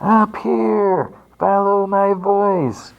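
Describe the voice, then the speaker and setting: A man's voice: high voice, drawn-out words, vocal fry, dull audio, voice pushed up, exaggerated voice. A man voicing a male office worker who calls out from afar in a raised voice. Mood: calling out. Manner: yelling from a distance in a raised voice.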